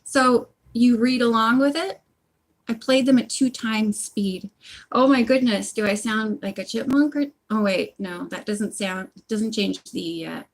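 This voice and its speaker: This woman's medium-pitched voice has a creaky quality. She hosts an audiobook channel and is knitting at home during a casual phone livestream, wandering off into lots of asides.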